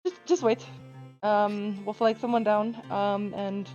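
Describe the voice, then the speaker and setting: A woman's voice: medium pitch, level tone, slow, darkish tone. A woman playing in a tabletop game, speaking in an easygoing, reassuring way. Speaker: player. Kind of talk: casual tabletop game chat. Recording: slightly dull sound with faint music.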